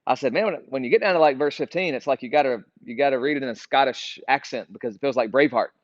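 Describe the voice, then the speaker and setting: A man's voice: mid-range voice, quick pace, no room sound. A man leading a casual group Bible study, talking earnestly and reading scripture aloud. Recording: dull, dry lo-fi recording.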